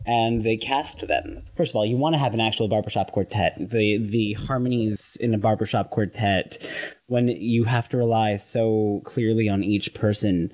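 A man's voice: fairly low pitch, fairly even intonation, normal speed, a little mellow. A man co-hosting a podcast, explaining things earnestly in casual chat, often stumbling and restarting his sentences. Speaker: podcast co-host.

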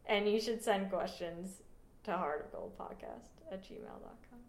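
A woman co-hosting a podcast in casual chat, playful and quick to laugh. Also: medium pitch, wildly swooping pitch, vocal fry. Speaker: podcast co-host. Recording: echoey room.

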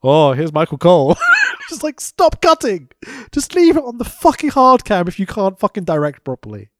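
A man's voice: sits high, huge pitch swings, normal speed, no room sound, studio quality. A man co-hosting a wrestling podcast, sweary and laughing often in casual review chat.

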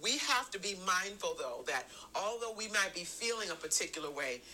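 A middle-aged woman giving an earnest sermon, stressing her phrases and stretching some words out slowly. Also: medium pitch, big pitch swings, sharp tone, a little hiss or hum, low-quality recording. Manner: earnest, emphatic, drawn-out phrases. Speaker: church speaker.

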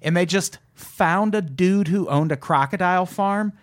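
A man's voice: high-pitched, a little slow. A man, a comedian guest, chatting casually with a wry, swearing manner and telling anecdotes. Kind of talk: casual chat.

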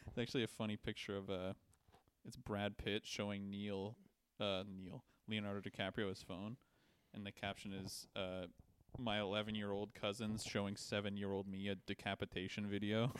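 A man's voice: on the low side, little pitch movement, moderate pace, a little hiss or hum. A young man co-hosting a podcast in casual chat, rambling and crude, laughing often. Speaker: podcast co-host.

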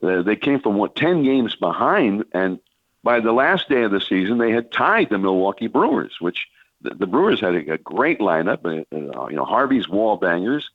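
A man's voice: on the low side, no room sound. Older man telling stories over a phone line. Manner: rambling anecdotal storytelling with many restarts and fillers. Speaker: veteran baseball broadcaster, studio guest. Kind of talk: storytelling on a sports talk radio show.

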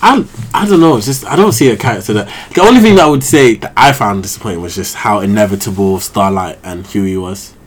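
A man's voice: fairly low pitch, lively intonation, fast, hardly any pauses. A man co-hosting a podcast, chatting in a laid-back, reflective way. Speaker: podcast co-host. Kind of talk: casual chat.

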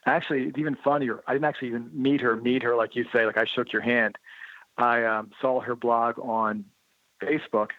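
A man being interviewed about his motorcycle writing, telling lively anecdotes in a casual way and acting out the dialogue he quotes. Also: medium pitch, a little fast, no echo. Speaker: interview guest, motorcycle writer and blogger. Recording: tinny phone-like line, dry.

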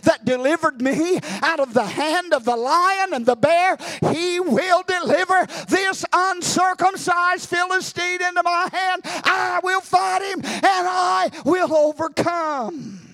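Preacher doing young David, bold shepherd hero, high ringing voice, slow and emphatic, fiery boasts. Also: male voice, very animated, full character voice. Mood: triumphant. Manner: boastful, fiery declarations building to shouts.

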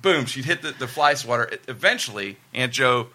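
A man telling a long story in a casual chat, in an animated way, rambling and often breaking off to restart his sentences. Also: mid-range voice, fairly quick, very noisy. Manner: animated, rambling, self-interrupting.

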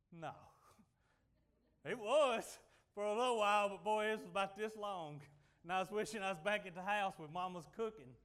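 A middle-aged man preaching a sermon, telling folksy stories and swinging from loud declarations to quiet asides. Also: sits high, clean tone.

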